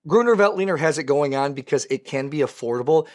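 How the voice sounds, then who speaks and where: A man's voice: on the high side, lively intonation, quick pace. A man with a weakened voice from recent voice loss, presenting a wine tasting in an enthusiastic, conversational way. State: weak voice from lost voice. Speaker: wine educator.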